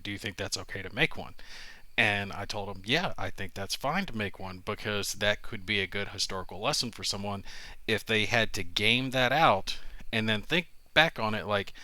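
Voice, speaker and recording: Bright-voiced earnest man, dry sound. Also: fairly low pitch, no room sound. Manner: earnest, explains his reasoning at length. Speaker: podcast co-host. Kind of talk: casual chat.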